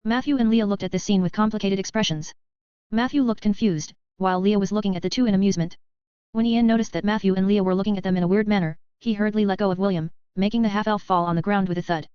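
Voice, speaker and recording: A woman reading a web novel as an audiobook in a quick, even narration with barely changed character voices. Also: medium pitch, clean tone, no room sound. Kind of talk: scripted narration. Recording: slightly dull, dry sound.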